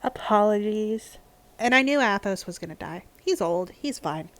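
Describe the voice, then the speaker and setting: A woman's voice: medium pitch, animated, normal speed, fairly bright tone, dry recording. A woman streaming a game live, chatting in a casual, openly emotional way, laughing often and apologizing for tearing up. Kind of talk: live-streamed gameplay commentary.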